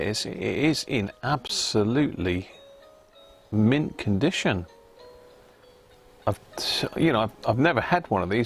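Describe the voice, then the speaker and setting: A man's voice: medium pitch, vocal fry, breathy edge. A man hosting a casual live stream from his home workshop, chatting loosely, laughing at himself and trailing off with ums. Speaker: radio restoration livestream host.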